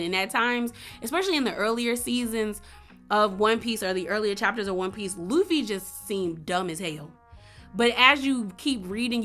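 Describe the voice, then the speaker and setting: A young woman talking casually and emphatically as a vlogger, reviewing a series. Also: mid-range voice. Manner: animated, emphatic, slangy.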